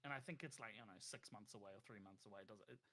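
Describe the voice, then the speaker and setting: A man's voice: lowish voice, rapid-fire, sharp tone. A man talking through his character's choices as a player in a casual tabletop game, rambling with many fillers and restarts.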